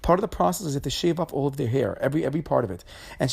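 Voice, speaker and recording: A man's voice: medium pitch, expressive, rapid-fire, vocal fry, slightly rough. A man giving an informal Torah class, retelling Talmudic stories conversationally, with frequent restarts and Hebrew terms. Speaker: Torah teacher.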